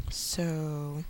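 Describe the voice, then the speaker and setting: A woman in her thirties who teaches English online gives casual, chatty vlog advice packed with fillers. She slows her speech to model it for young learners, and her voice is deep with a darkish tone.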